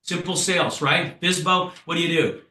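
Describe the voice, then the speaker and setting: Man, sales trainer, hyped and excitable, bright forceful voice, roomy echo. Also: a little high, normal speed. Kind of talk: energetic sales training talk.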